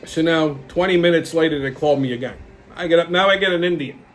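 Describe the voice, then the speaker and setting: A man hosting his own show, telling stories in a profane, exasperated, animated rant. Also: on the high side, fast talker. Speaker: show host. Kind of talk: casual storytelling rant.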